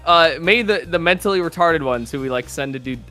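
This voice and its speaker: Podcast host, man, bright and a bit high, reacts in disbelief and swears a lot. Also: lively intonation, fairly quick, faint music behind. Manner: incredulous, swearing, laughing. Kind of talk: casual podcast chat.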